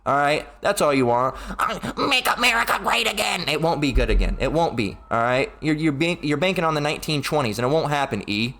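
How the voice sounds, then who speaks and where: A man's voice: mid-range voice, lively intonation, quick pace, few pauses, fairly bright tone. A man delivering an angry, profane political rant, full of stumbling restarts as he reacts to an article.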